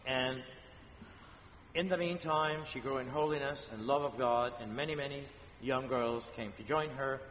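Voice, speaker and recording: A male priest telling a saint's story in a homily, slow and measured, with pauses and fillers. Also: medium pitch, fairly bright tone. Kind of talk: homily on a saint's feast day. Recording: long church reverb, faint background noise.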